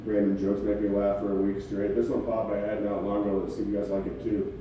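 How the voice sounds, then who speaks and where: A man's voice: lowish voice, little pitch movement, quick pace, noisy background. A man doing a stand-up comedy set in a club, laid-back and swearing casually, chuckling at his own jokes. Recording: echoey club recorded from far off.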